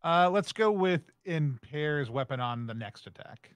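A man's voice: fairly high pitch, expressive, moderate pace, clear, resonant tone, no room sound. A man playing a tabletop game who hesitates and restarts his sentences while deciding his moves. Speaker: player. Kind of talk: casual tabletop game play.

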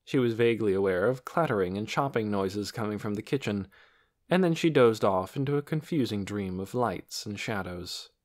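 A man narrating an audiobook chapter in an expressive storytelling manner. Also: moderate pace. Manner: expressive storytelling with lively pitch. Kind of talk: scripted narration.

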